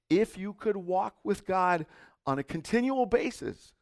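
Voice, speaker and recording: A middle-aged man preaching a sermon, telling stories expressively and dropping into soft asides. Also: on the high side, animated, normal speed, vocal fry. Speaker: pastor.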